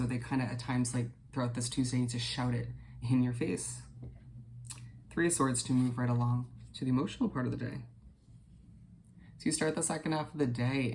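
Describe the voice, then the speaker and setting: A man talks through a daily tarot spread in a gravelly, creaky voice. His pitch stays flat and level, and his delivery is gentle, reassuring and unhurried, with relaxed fillers as he speaks to his viewers. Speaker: tarot reader. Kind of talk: casual tarot reading to viewers.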